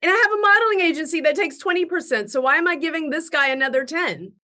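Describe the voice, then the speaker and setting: A young woman chatting as an interview guest, telling animated stories and laughing often. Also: very high voice, fast talker. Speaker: guest actress. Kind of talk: casual interview chat.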